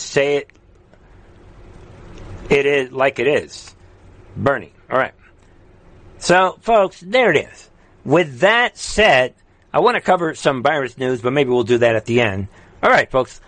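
A man's voice: fairly high pitch, no room sound. Fired-up man ranting on a livestream. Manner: fiery, repetitive exhortations, swings from shouting to quiet. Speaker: livestream commentary host. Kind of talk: political livestream rant reading chat comments.

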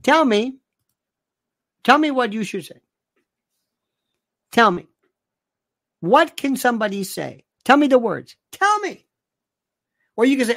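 A woman's voice: fairly high pitch, very animated, slow pace, pauses often, fairly bright tone. A woman hosting a livestream, ranting animatedly and reading viewer comments aloud. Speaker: livestream host. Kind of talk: casual livestream monologue.

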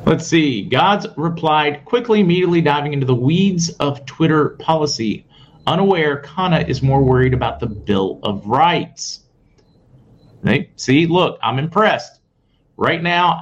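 A man hosting a casual live stream, reading posts aloud fast and adding sarcastic asides to his viewers. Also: on the high side, lively intonation. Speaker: host. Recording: muffled audio with faint noise.

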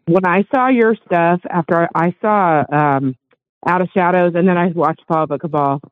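Emotional middle-aged male caller, high-pitched, heard over a tinny phone. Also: moderate pace, dry recording. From Los Angeles, USA. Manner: earnest, emotional, rambling. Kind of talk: call-in radio chat.

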